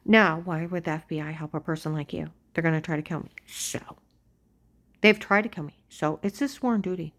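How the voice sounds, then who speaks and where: A woman's voice: low-pitched, brisk. Agitated woman ranting in a monologue. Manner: ranting, jumps between loud outbursts and whispers.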